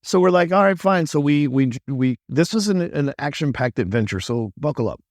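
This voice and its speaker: A man's voice: mid-range voice, expressive, moderate pace, darkish tone, no room sound, studio quality. A middle-aged man co-hosting a podcast, telling stories in a rambling, joking way. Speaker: podcast co-host. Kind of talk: casual chat.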